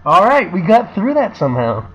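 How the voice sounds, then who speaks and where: A man hosting a co-op game let's play, reacting loudly with exclamations and swearing. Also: high-pitched, moderate pace, faint music behind, rough recording. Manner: excitable, swearing, yelping exclamations. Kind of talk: co-op gameplay commentary.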